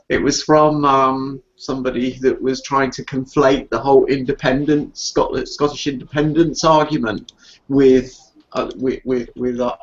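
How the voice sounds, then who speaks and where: Guy chatting, lots of ums and restarts, kinda dull lo-fi audio. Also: medium pitch. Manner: hesitant, with many fillers and restarts. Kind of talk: casual chat. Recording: dull lo-fi sound.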